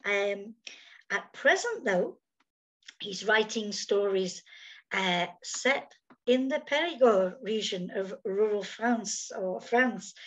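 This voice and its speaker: A woman's voice: medium pitch, expressive, slow pace, a bit bright, poor audio. A woman hosting a casual interview over a video call, chatty and full of fillers, speaking from outdoors in summer. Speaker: host.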